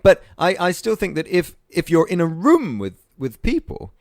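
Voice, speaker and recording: A man co-hosting a casual podcast from a radio studio. His pitch swings around a lot as he jokes, with mock outrage thrown in. The sound is dry and close. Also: moderate pace, no echo. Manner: animated, jokey, mock-outraged. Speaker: podcast co-host. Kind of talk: casual chat.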